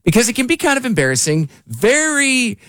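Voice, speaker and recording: A man's voice: extremely high pitch, very animated, fairly quick, a bit bright, no echo. A man co-hosting a morning radio show, asking questions in an easygoing, teasing way. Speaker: radio co-host. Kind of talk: casual morning radio chat.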